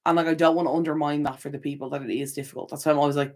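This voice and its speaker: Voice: medium pitch, fairly even intonation, very fast, a little mellow. Young adult stream host, casual and chatty, laughs a lot, corrects themself mid-sentence, mid-range voice. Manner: chatty and rambling, frequent laughter and self-corrections. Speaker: channel host. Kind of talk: casual livestream chat, reading viewer comments.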